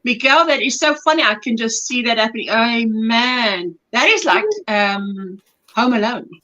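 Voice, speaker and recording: A woman's voice: a little high, moderate pace, bright, forceful tone. A woman from South Africa hosting a casual livestream chat, reading out viewer comments, greeting people by name and laughing often. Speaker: livestream host.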